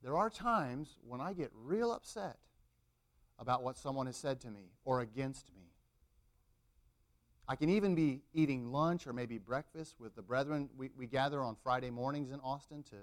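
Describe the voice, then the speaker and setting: A middle-aged man preaching a sermon, acting out the people in the story with rising intensity. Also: medium pitch. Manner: dramatic, acts out quotes with rising intensity.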